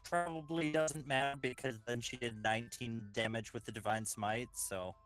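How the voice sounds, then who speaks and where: A man's voice: medium pitch, steady tone, fairly bright tone, faint music behind. A man chatting hesitantly about game rules over a voice call. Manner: unhurried, hesitant, many fillers. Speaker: player. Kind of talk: casual chat about a tabletop game.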